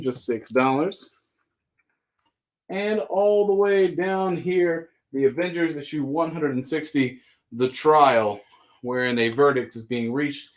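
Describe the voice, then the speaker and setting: A man hosting a live comic book sale, listing issues casually and joking in rambling asides. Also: fairly high pitch. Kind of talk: casual live-stream selling.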